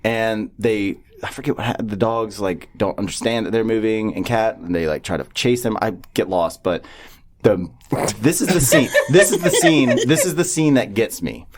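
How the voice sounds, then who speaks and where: A man's voice: on the low side, normal speed, a little mellow. A young man, rambling through a casual podcast chat, joking and swearing freely. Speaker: podcast co-host.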